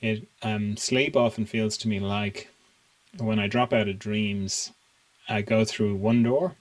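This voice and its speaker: A man in a reflective spiritual monologue, musing aloud with many fillers and restarts and frequent soft laughs. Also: on the low side, fairly even intonation, slow, rough recording. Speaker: spiritual teacher.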